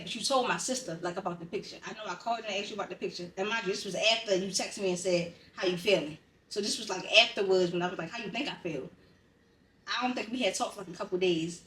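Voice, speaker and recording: A woman in candid podcast conversation, speaking bluntly and with raw feeling, cursing freely. Her voice sits back from the mic in a roomy, echoing space, at a middling pitch. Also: a bit bright. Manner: blunt, profane, emotionally raw storytelling. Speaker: podcast co-host. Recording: roomy sound, distant from the mic.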